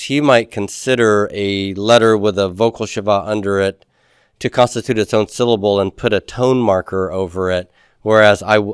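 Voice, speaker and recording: A man's voice: on the low side, clean tone, no echo, clean studio sound. A man teaching a recorded lesson from a handout, explaining step by step with frequent fillers and restarts. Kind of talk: recorded lecture walking through a handout.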